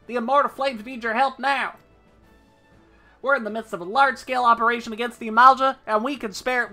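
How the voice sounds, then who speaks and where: A woman voicing a gruff male military officer in a video game, barking urgent orders. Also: on the high side, pushed and bright, pitched above the performer's own voice.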